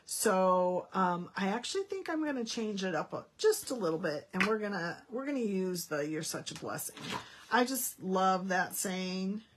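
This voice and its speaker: A Stampin' Up demonstrator shows how to make a card in a chatty, folksy way, thinking out loud as she works. Her mid-range voice is animated and moderately paced. There's a little hiss or hum in the audio.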